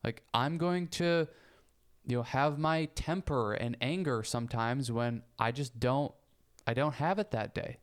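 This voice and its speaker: Podcast co-host, male, smooth clear voice, earnest and casual, swears now and then. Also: mid-range voice, a little slow. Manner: earnest, reasoning with sports comparisons, casual swearing. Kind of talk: casual conversation.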